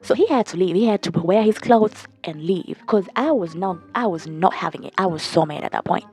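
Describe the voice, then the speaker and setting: A young woman telling a storytime to her viewers in a blunt, profane, animated gossiping way. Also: fairly low pitch, brisk, breathy edge. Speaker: storytime vlogger. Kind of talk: casual storytime chat.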